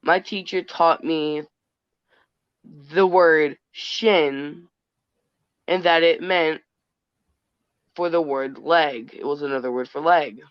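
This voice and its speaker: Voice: mid-range voice, slow pace, pauses often, clean tone, dry recording. Kid telling a funny story from when they were little, dry dull sound. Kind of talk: casual storytelling.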